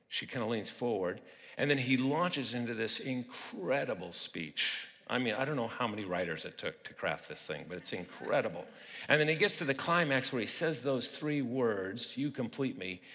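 A man's voice: medium pitch, sharp tone. A middle-aged man delivering a sermon, talking casually and asking the congregation questions. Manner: conversational, asks the audience questions. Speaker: guest pastor and psychologist. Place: church auditorium. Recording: long hall reverb.

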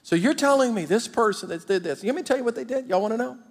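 A man preaching a sermon as the pastor, talking straight to his congregation in an animated, lively way. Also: extremely high pitch, quick pace. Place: large church auditorium. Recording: long hall reverb.

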